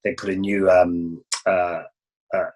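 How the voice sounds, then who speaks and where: Middle-aged male guest, low husky voice, rambling anecdotal delivery with lots of restarts. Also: little pitch movement, takes it slowly, darkish tone, poor audio. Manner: rambling, many restarts and acted-out dialogue. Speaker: interview guest, motorcycle adventurer. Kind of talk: casual interview storytelling.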